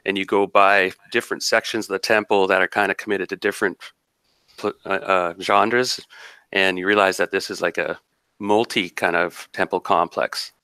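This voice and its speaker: Resonant, forceful game master, dry sound. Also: male voice, sits low, fairly even intonation, normal speed, clean tone, no room sound. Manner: rambling, descriptive, many restarts. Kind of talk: narrating a tabletop game.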